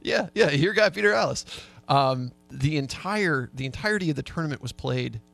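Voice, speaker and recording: Man, radio co-host, gravelly voice, easygoing, hesitant fillers, faint music behind. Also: on the high side, expressive, normal speed, a bit bright. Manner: easygoing, gives researched facts with hesitant fillers. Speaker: radio sports talk co-host. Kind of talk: casual sports radio chat.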